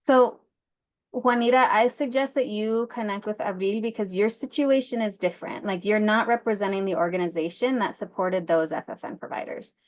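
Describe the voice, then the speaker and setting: A woman presents a grant information session in a loose, conversational way, often filling her pauses with "like" and "um." Her pitch sits at an ordinary middle height. She moves between explaining the rules and answering questions from the group. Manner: casual, many "like" and "um" fillers.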